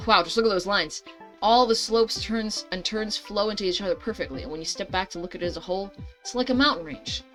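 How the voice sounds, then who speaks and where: A woman's voice: mid-range voice, fast, a bit bright, faint music behind, natural voice. A woman reading an upbeat teenage boy artist. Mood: excited.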